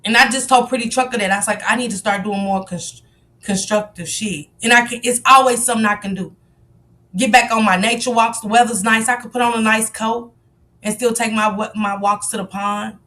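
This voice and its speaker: A woman hosts a casual live stream, open and confessional about her struggles. She swears freely and keeps answering her viewers. Her voice sits a touch high and sounds bright and forward. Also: fairly even intonation, fairly quick. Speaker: livestream host.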